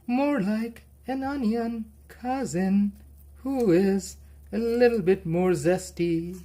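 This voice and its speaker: A woman's voice: mid-range voice, slow, warm tone. A woman hosting a cooking livestream, chatting playfully and chanting silly sing-song phrases as she cooks.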